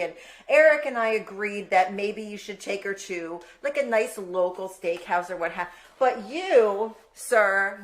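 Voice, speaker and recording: A woman who produces and co-hosts a podcast, a chatty, animated storyteller in casual banter. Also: medium pitch.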